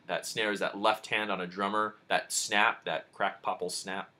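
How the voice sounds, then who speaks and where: A man's voice: fairly low pitch, flat delivery, normal speed, bright, forceful tone. A man teaching a beginner guitar lesson in a chatty, informal way, talking straight to the viewer. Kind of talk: casual video lesson. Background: guitar playing.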